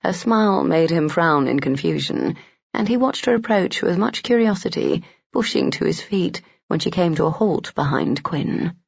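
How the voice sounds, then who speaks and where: A man reading a historical romance novel aloud in steady, even storytelling narration. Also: a little high, normal speed, vocal fry, breathy edge, dry recording. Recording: dull lo-fi dry audio.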